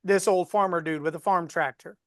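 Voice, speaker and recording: A man coaching a live webinar on storytelling, folksy and animated as he walks through examples. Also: sits high, a little fast, no room sound, clean studio sound.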